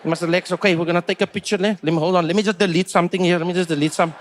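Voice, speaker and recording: A brash young South African fan, put on by a male comedian on stage, talking loud and high. He is insistent and bossy, full of slang, and certain he is right. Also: steady tone, rapid-fire, close to an everyday voice. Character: brash excitable young Cape Town fan.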